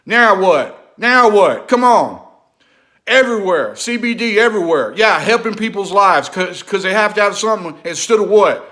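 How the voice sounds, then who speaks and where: A man hosting his own video channel, talking straight to the viewer in an impassioned, repetitive way. He swings between loud urging and low, confiding asides, and keeps asking rhetorical questions. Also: lively intonation, moderate pace. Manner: preachy, asks the listener rhetorical questions. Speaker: vlog host. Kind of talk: impassioned direct-to-camera monologue.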